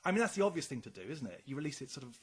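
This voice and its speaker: A man's voice: mid-range voice, big pitch swings, racing, breathy edge. A man co-hosting a casual podcast chat, rambling and speculating, swearing often. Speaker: podcast co-host.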